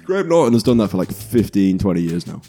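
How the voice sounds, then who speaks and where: A young man co-hosting a casual comedy podcast, laughing often and telling animated stories. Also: fairly low pitch, fast, vocal fry, husky. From Britain. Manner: laughs a lot, animated storytelling with put-on character voices. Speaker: podcast co-host.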